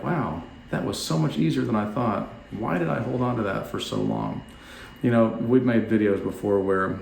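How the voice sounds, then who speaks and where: A man vlogging his house renovation in a playful, mock-excited way, then turning to earnest preaching. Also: lowish voice, vocal fry, slight background noise. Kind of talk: casual talk to camera with preaching. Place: unfinished house interior. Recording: echoey empty house.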